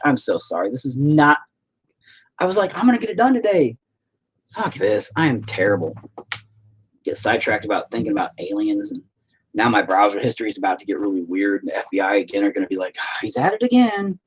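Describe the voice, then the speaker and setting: A husky man with a lively, bouncing delivery rambles to the camera. He jokes crudely and keeps drifting off topic while he paints. The talk is loose, swearing and conversational. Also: fairly low pitch, quick pace, poor audio. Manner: joking, profane, easily sidetracked. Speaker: video creator. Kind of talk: casual rambling monologue.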